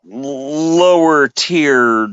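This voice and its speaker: A man's voice: on the high side, drawn-out words, a bit bright, clear, resonant tone, no room sound. A man in casual chat, laid-back and swearing a lot. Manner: laid-back and heavily profane. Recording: dull, dry lo-fi sound.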